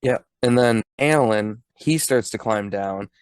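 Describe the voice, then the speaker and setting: A man's voice: on the low side, measured pace, clean tone, no room sound, clean studio sound. A man co-hosting a podcast who laughs often while retelling movie scenes and acting out the lines. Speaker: podcast co-host. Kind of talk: casual movie recap chat.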